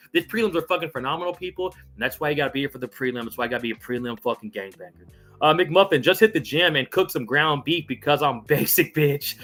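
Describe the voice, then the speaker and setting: A man hosting a live MMA recap stream in casual sports talk, hyped and profane, shouting out viewers in the chat. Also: a little high, quick pace, soft background music.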